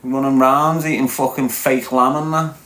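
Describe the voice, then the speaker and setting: A man's voice: mid-range voice, little pitch movement, moderate pace, a bit bright. Brash, swearing Scouse man in his forties. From Liverpool, England. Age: 40s. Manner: brash, swearing, teasing viewers. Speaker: live streamer. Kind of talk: crude live-stream banter with chat.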